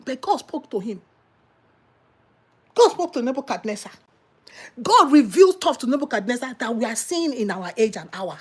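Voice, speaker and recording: A woman preacher delivers a passionate sermon in a high, bright voice. She preaches animatedly, firing rhetorical questions and exclaiming often. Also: lively intonation, moderate pace. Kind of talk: impassioned sermon.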